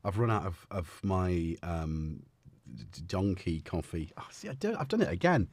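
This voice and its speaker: Lively low-voiced man rambling. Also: moderate pace, no room sound. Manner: rambling, self-interrupting, jokey. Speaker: live-stream host. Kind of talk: casual live-stream chat.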